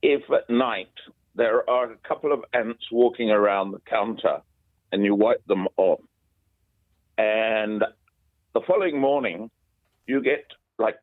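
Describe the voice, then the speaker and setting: A man's voice: medium pitch, no echo. A man calling in to a radio show who asks a question somewhat hesitantly, heard over a phone line. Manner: hesitant, uses fillers while asking. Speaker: caller.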